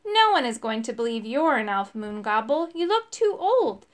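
A woman's voice: fairly high pitch, very animated, moderate pace. A woman voicing an eager, urgent young male elf in a storybook.

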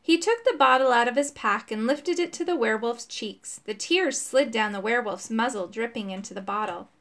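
A woman narrating a children's chapter book aloud, expressive and voicing the characters. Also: a little high, brisk. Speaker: audiobook narrator. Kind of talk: children's audiobook reading.

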